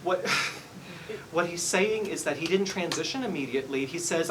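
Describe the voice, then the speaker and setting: A man's voice: a little high, animated, moderate pace, fairly bright tone, far from the mic, a little hiss or hum, poor audio. A man working as a psychic medium, giving a live reading in a salon and politely apologizing as he relays messages. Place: hair salon, indoors.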